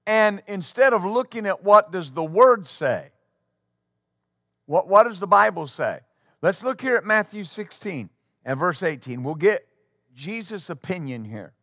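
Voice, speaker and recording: Guy preaching in church, highish voice, super dry sound, chatty then bursts out loud. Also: lively intonation, unhurried, no echo. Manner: conversational preaching with sudden bursts of loud exclamation. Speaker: pastor. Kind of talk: sermon. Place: church sanctuary before a congregation.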